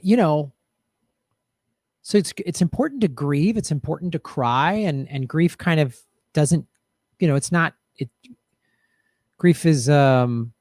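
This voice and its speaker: A man's voice: a little high, animated, a little slow, pauses often, a little mellow, no room sound. Reflective guy talking to his viewers, lots of ums and restarts, dry sound. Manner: rambling, reflective, frequent fillers and restarts. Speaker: show host. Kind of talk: casual commentary to live chat.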